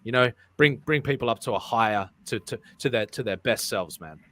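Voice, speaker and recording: A man's voice: mid-range voice, animated, a little fast, a bit bright, dry recording. A man hosting a casual live-streamed talk show, rambling and repeating his words, often breaking into laughs. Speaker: podcast host.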